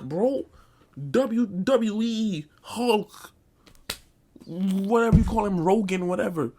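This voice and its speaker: A man's voice: high-pitched, sing-song, measured pace, darkish tone. A man telling a comic storytime, talking loosely in slang and saying bro a lot. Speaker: vlogger. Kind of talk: comedic storytime.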